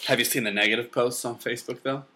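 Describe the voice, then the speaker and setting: A young man co-hosting a casual podcast, joking and swearing freely with loud outbursts. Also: mid-range voice, steady tone, fast talker, slight background noise. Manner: profane, jokey, loud outbursts. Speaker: podcast co-host.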